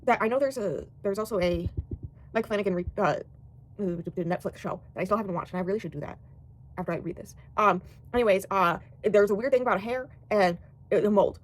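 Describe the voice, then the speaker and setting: Talking a little fast in a medium-pitched voice, a young American woman rambles through a casual chat about books. She is a book vlogger who fills her speech with fillers and offhand swearing.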